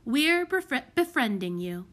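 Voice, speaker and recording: A woman voicing a bossy, clever young orphan girl who gives firm orders in a lively, high voice. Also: unhurried, heavily acted.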